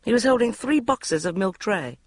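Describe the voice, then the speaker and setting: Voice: mid-range voice, lively intonation, moderate pace, no room sound. A narrator reading a comic novel in the first person with a wry storytelling manner. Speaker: audiobook narrator.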